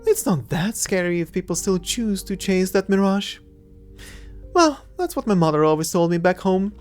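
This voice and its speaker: A cocky young adventurer-thief, voiced by a woman with a lowish voice that swings widely as she teases and mocks. Her playful, mocking delivery fits a fan-made audio drama, with faint music underneath. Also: expressive, moderate pace, darkish tone, natural voice. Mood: teasing. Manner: playful, mocking, laughs often.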